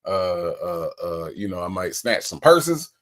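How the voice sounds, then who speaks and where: A man's voice: low-pitched, a little slow. A man hosting a livestream, casually greeting viewers and reading their comments with playful energy. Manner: animated, lively, playful with repeated greetings. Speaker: livestream host.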